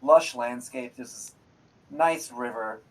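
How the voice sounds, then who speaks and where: A man's voice: mid-range voice, takes it slowly, low-quality recording. A man running a tabletop game as game master, talking casually, laughing often and swearing freely. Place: streamed online game session.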